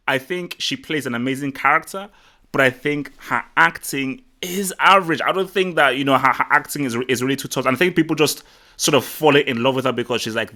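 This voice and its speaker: A man hosting a casual live football stream, teasing and boastful, talking excitably to his guest and the chat. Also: fairly high pitch. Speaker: livestream host.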